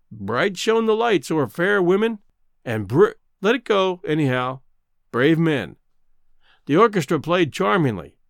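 A man narrates a short story in a relaxed, conversational way and shrugs off a slip with a quick aside. His voice is slightly high and moves lively through each sentence. The recording is close and dry. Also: no room sound. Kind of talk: reading a short story aloud.

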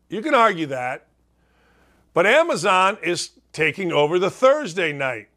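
A middle-aged male sports talk host riffs in a loud, animated, self-deprecating rant. His voice sits high and sounds bright and forceful. He keeps breaking into shouted re-enactments of his own frustration. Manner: animated, self-mocking, loud ranting with acted-out quotes. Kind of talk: casual sports talk monologue.

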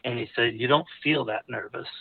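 A man's voice: mid-range voice, brisk, creaky, a little hiss or hum. A male caller telling a personal story frankly, in a candid, rambling way with chuckles between phrases. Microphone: phone call. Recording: tinny phone line.

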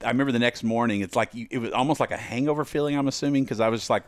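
A guest musician on a podcast tells stories, acting out the voices of the people in them with lively energy. His voice is medium-pitched and very fast, captured in clean studio sound with no echo.

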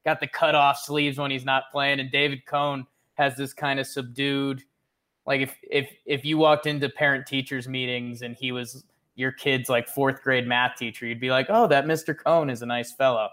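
A young man co-hosts a casual sports podcast, rambling and joking and laughing often. His medium-pitched voice is monotone, pushed and bright, at a normal speed.

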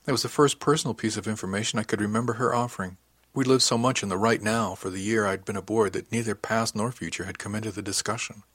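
A man reading a novel aloud in the first person as an audiobook narrator, with even, unhurried storytelling. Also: on the low side, dry recording.

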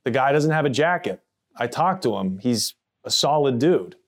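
Man, blunt plainspoken storyteller, casual and cursing, mid-pitched voice. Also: animated, normal speed. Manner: acts out others' voices in quotes. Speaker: former prisoner telling his story. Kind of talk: first-person storytelling podcast.

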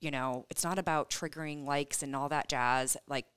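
A woman's voice: low voice, steady tone, moderate pace, a bit bright, clean tone, no echo. A woman interviewing a couple on a podcast, emotional and rambling with many fillers. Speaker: podcast host interviewing guests. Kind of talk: conversational interview.

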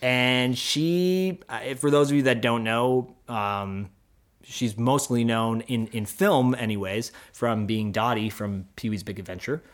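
Man, podcast co-host, animated storyteller, mid-pitched voice, casual chat. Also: unhurried. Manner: animated storyteller, breaks into silly high voices.

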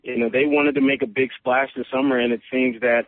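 A man's voice: medium pitch, level tone, fairly quick, dry recording. A man, a sports reporter calling into a podcast, giving analysis with frequent stammering restarts. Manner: thinking aloud, stammering restarts. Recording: tinny phone line.

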